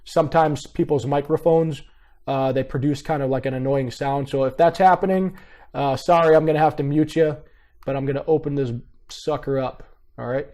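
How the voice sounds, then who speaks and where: A man's voice: a little high, fairly even intonation, normal speed, dark tone. A man teaching a behavior profiling class over a video call. He talks casually and directly and keeps checking in with the class. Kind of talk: live online coaching class.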